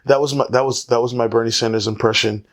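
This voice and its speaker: A man's voice: medium pitch, steady tone, fast. A man giving casual solo commentary to camera, rambling with many fillers and jokey asides. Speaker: vlogger.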